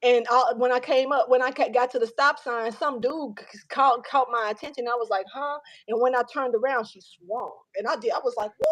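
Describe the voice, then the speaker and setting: A woman with a high voice tells a story in loose, profane chat. She acts out the people in it as she goes. The recording is close and dry, with no room sound. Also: fairly even intonation, a little fast, hardly any pauses, fairly bright tone, no echo, rough recording. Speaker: host.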